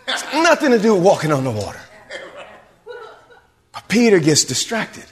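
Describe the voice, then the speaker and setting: A man's voice: high voice, huge pitch swings, unhurried, long pauses. A man, a pastor, preaching a sermon to his church, building to emphatic calls and asking the congregation if they hear him. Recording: long reverb of a large hall.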